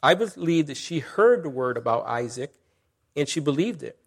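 A middle-aged man preaches in a relaxed, talky way, breaking off into asides and reading scripture aloud. His voice sits a little on the high side for a man. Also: moderate pace. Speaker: pastor. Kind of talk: sermon.

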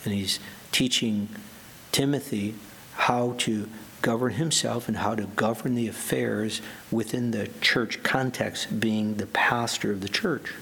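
A male pastor preaches in a low, gravelly voice. His delivery is earnest and emphatic, and he slows right down when he quotes scripture. A faint hiss runs under the recording. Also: steady tone, fairly bright tone. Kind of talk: sermon.

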